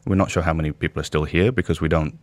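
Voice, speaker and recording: A man from Wales speaks as a radio guest in a very deep, low voice. He is easygoing with a dry sense of humour and sometimes restarts his sentences. The studio sound is close and dry. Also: steady tone, rapid-fire, no echo. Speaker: guest, social club representative. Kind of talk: casual chat interview.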